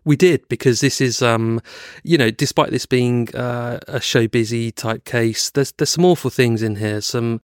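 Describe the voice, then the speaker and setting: A man's voice: mid-range voice, measured pace, clear, resonant tone, no room sound, clean studio sound. A man co-hosting a podcast, chatting casually and swearing now and then, then reading scripted narration. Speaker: podcast co-host. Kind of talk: casual chat and read narration.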